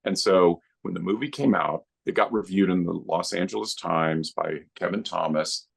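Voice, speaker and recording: A man's voice: low-pitched, normal speed, gravelly, slightly rough. A middle-aged man, a guest filmmaker on a podcast, reminiscing in an earnest, heartfelt way. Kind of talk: podcast interview.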